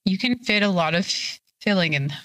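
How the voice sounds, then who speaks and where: A woman's voice: medium pitch, expressive, a little fast, no echo. A young woman streaming live, a little tipsy, chatting casually and bubbly as she reads her chat aloud.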